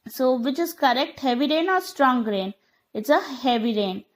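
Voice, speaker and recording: A woman's voice: high voice, lively intonation. A woman teacher going through a grammar lesson, often repeating herself and asking "okay?", with non-native English phrasing. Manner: slow, repetitive, checks understanding with "okay?". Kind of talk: online classroom lesson.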